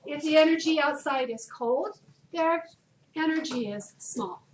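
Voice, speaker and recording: A woman's voice: high-pitched, measured pace. Woman chemistry teacher, chatty classroom lecturer who quizzes students; distant mic with room echo. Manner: lively, chatty, asks the class questions. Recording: echoey room, distant, noisy.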